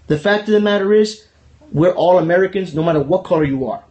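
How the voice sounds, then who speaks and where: High-voiced man ranting heatedly. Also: fast talker, darkish tone, muffled recording. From Miami, Florida. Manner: heated, profane, repetitive. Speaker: political commentary host. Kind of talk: casual political rant.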